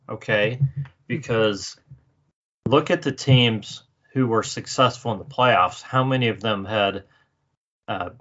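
A man's voice: fairly low pitch, sharp tone, muffled recording. A man co-hosting a sports podcast, chatting casually and hesitantly, with many fillers. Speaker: podcast co-host.

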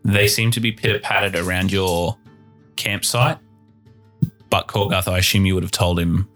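A man's voice: deep voice, steady tone, normal speed, fairly bright tone, faint music behind. A man narrating as game master of a tabletop game, describing scenes steadily.

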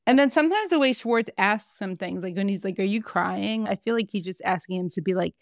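A woman co-hosting a podcast, chatting in a casual and animated way and swearing freely as she recaps reality TV. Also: mid-range voice, brisk, no echo, clean studio sound. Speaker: podcast co-host.

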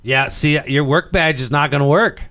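A man's voice: on the high side, moderate pace, pushed and bright. A man co-hosting a podcast in casual chat. He rambles and jokes, laughs often, and sounds stoned. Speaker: podcast co-host. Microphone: podcast microphone.

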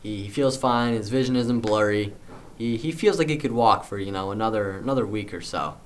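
A man's voice: lowish voice, fairly quick, slight background noise. A young man casually improvising a story for a friend, rambling with fillers and restarts.

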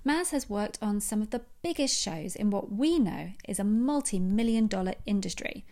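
A woman reading a scripted introduction of the next guest in a clear, read-aloud delivery. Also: medium pitch, animated, normal speed, a little mellow. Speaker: podcast host introducing a guest.

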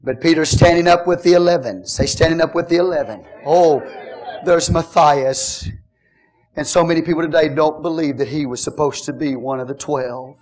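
Fervent preacher, male, high-pitched, rouses the congregation with calls and shouts. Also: steady tone, normal speed. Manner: fervent preaching with call-and-response, shouting at peaks. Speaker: pastor. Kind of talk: sermon.

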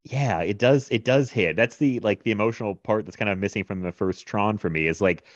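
A man's voice: lowish voice, brisk, no room sound. A man in casual film discussion, talking in a rambling, enthusiastic way and laughing often. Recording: dull lo-fi sound.

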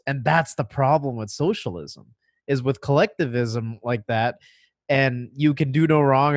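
A man's voice: medium pitch, no room sound. A man in casual conversation, explaining his points emphatically in an argumentative way. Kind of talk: casual chat.

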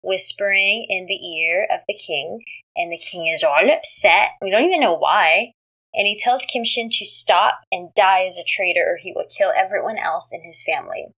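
A woman's voice: mid-range voice, moderate pace, fairly bright tone, poor audio. A woman co-hosting a casual podcast, reading a plot recap from notes and commenting frankly, with some swearing. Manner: reads recap notes aloud, frank, swears, reacts with short agreements. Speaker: podcast co-host recapping a drama. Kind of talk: casual chat.

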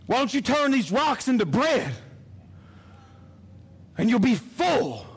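A man's voice: very high voice, big pitch swings, takes it slowly, slightly rough, exaggerated voice. A male preacher voicing a persuasive male tempter spirit, speaking in an insistent, repetitive way. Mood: coaxing.

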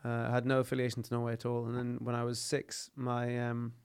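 A man from England talks as a podcast guest, with a smooth, resonant tone marked by a gravelly edge. He speaks haltingly, restarting often and running himself down. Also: medium pitch, completely flat delivery. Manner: halting, hesitant, self-deprecating. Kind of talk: casual podcast chat.

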